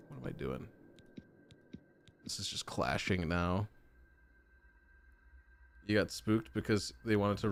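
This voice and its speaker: A man giving casual gameplay commentary as a streamer, chatty and breaking into excited oohs as he browses options. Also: lowish voice. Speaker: gaming streamer.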